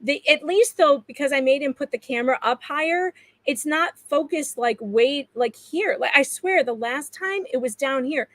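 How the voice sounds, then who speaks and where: A woman's voice: high-pitched, moderate pace, fairly bright tone, dry recording, rough recording. A woman chatting as a guest on a livestream, self-deprecating and laughing often. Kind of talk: casual livestream chat.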